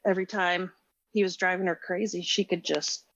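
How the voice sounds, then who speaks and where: A woman's voice: lowish voice, little pitch movement, normal speed, a bit bright, dry recording, lo-fi sound. Chatty woman with a Southern accent. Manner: chatty, storytelling. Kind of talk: casual chat.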